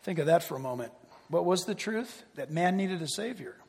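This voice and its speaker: Male preacher, high voice, dramatic swings from loud to hushed, in a big reverberant church. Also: animated, brisk, vocal fry, husky. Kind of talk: sermon. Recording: long reverb of a large hall.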